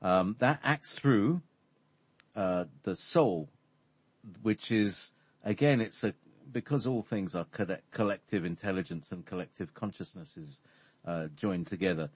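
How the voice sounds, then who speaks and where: A man explaining spiritual ideas in conversation, halting and full of fillers. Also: low voice, husky, no room sound. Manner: hesitant, halting, many fillers. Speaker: spiritual teacher.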